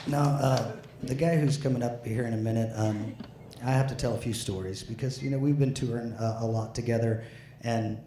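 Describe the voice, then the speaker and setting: A man's voice: mid-range voice, steady tone, noisy background. A man doing a stand-up comedy set, tipsy, rambling with many fillers and restarts. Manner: rambling, halting delivery with frequent fillers and restarts. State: a bit drunk. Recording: echoey room with faint ambience.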